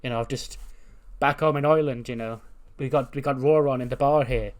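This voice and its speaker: A man voicing a gruff male wrestler who calls out a rival in a rough, casual way. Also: mid-range voice, steady tone, brisk, close to an everyday voice. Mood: challenging. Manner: rough, casual challenge, repeats "fella".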